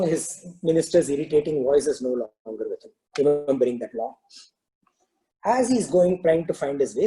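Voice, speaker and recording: Explaining spiritual terms and telling a parable, a man delivers a scripture talk in a rambling manner full of fillers. His voice has a fairly high pitch and a dark tone, and the recording quality is low.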